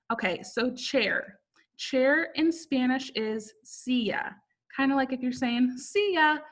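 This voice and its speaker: A young woman teaching a simple online language lesson to children, speaking patiently and repeating each word slowly. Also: on the high side, fairly bright tone. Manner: patient, slow repetition of words. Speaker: Spanish teacher.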